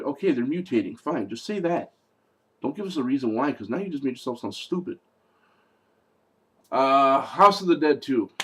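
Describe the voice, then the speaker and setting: A man giving a casual spoken movie review, sarcastic and exasperated, rambling with fillers and restarts. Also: lowish voice.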